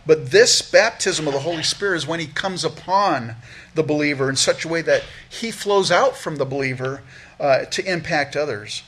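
A man's voice: a little high, moderate pace, fairly bright tone, slight background noise. A man preaching as a pastor, earnestly teaching through a Bible passage verse by verse, often repeating words as he restarts a thought.

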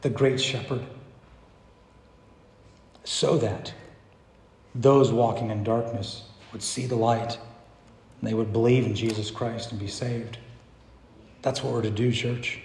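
A man pastor preaching a sermon, swinging from hushed, low passages to loud, emphatic declarations. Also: fairly even intonation, slow pace, pauses often, reverberant, long reverb tail.

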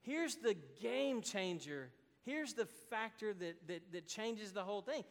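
High-voiced male pastor preaching. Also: expressive, unhurried, in a large hall. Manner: earnest preaching, rising to emphatic declarations. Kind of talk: sermon.

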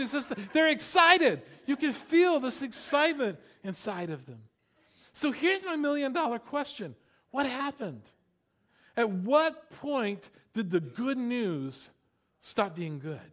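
A male pastor in middle age delivers a sermon in a high, bright-sounding voice. He talks animatedly, drifting into playful asides and rhetorical questions aimed at his listeners.

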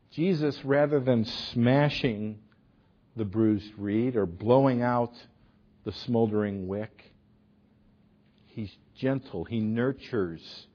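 A man delivers a sermon with a husky, slightly breathy tone. He tells stories with energy, pushing some phrases hard and dropping others almost to a murmur. The recording sounds dull and lo-fi. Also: medium pitch. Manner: animated storyteller, swings from loud to hushed. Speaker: preacher.

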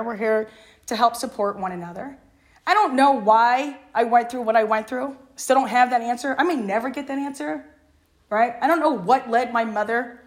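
A middle-aged woman youth leader sharing her personal story with a youth group in an earnest, emotional way, often asking "right?". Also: mid-range voice. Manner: earnest, tags lines with "right?"; emotional, near tears at times.

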